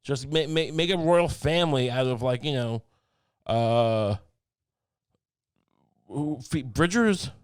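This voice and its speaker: A man's voice: mid-range voice, slow, long pauses, smooth. Rambling, crude man hosting a podcast. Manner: rambling, crude riffing with jokey put-on voices. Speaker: podcast host. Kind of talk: casual comedic podcast chat.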